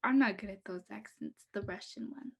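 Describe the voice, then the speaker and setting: A woman's voice: mid-range voice, normal speed, vocal fry, fairly bright tone, breathy edge. A young woman co-hosting a podcast in casual chat, candid and jokey, often breaking into laughter. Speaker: podcast co-host.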